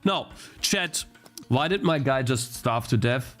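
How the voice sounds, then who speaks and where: A man's voice: medium pitch, lively intonation, slow pace, fairly bright tone, faint music behind. A young man streaming a game he is playing, thinking aloud, restarting his sentences and getting easily frustrated. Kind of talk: live-stream gameplay commentary.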